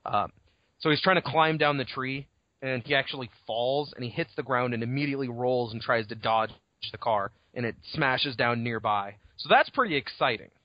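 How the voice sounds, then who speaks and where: A man on a podcast rambles through a chapter summary, swearing freely and slipping into the characters' voices. His voice sits at a middle pitch. The sound is dull and lo-fi, dry with no room echo. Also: normal speed. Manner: rambling recap, swearing, acts out characters' lines. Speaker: podcast co-host. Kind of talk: casual chat summarizing a novel chapter. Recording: dull lo-fi home recording.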